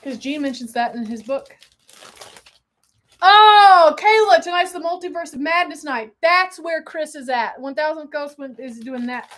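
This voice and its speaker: Excitable high-voiced woman streamer. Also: moderate pace, hardly any pauses. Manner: excitable, exclamatory, chatty. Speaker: livestream host. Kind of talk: casual livestream chat.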